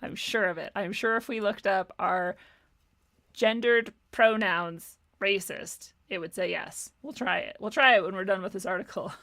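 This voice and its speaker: A woman's voice: medium pitch, moderate pace, a bit bright. A woman host ranting sarcastically in casual commentary, exasperated and profane, often laughing.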